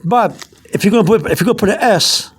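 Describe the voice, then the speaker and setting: A Spanish teacher gives an informal pronunciation lesson on a phone held in one hand, patiently repeating words and restarting often. His high voice is animated and quick, with a breathy edge.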